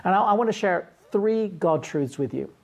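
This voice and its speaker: A woman's voice: medium pitch, expressive, moderate pace. A woman pastor giving an earnest sermon, often restarting and repeating words.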